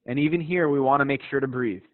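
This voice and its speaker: A man's voice: mid-range voice, quick pace, dry recording. Encouraging male stretching instructor on a call. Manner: relaxed, encouraging, chatty with small laughs. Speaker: fitness instructor. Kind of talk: live guided stretching class. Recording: dry tinny phone-like sound.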